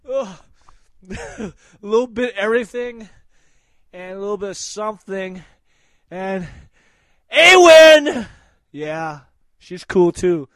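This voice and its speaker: A man giving casual, profane hype shout-outs in a swaggering way, breaking into loud shouted names. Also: high-pitched, no echo, poor audio.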